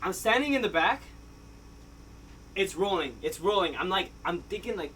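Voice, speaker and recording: A man telling a comedic story in a slightly high voice, loose and slangy, with a laugh never far away. He jumps from loud bursts to hushed asides as he goes. His delivery is animated and casual throughout. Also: normal speed, slight background noise. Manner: laughs often. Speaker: vlogger.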